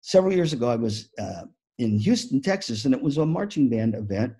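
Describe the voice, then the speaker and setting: A man's voice: mid-range voice, a little fast, breathy edge. A man giving a conference keynote talk to music educators, telling stories animatedly and acting out the people in them. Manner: animated storytelling with acted-out quotes. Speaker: keynote speaker.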